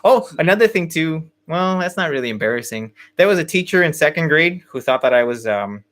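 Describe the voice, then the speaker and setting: A man's voice: fairly high pitch, big pitch swings, fairly quick, fairly bright tone. A young man hosting a podcast, telling a story in casual chat with many fillers and restarts. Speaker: podcast host.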